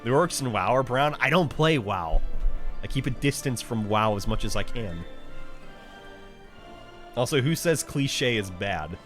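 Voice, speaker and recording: Male streamer, lively pitch swings, slow easygoing delivery, joking banter with chat. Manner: laid-back banter with chat, swearing and laughing. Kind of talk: casual live-stream chat while playing. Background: faint game music.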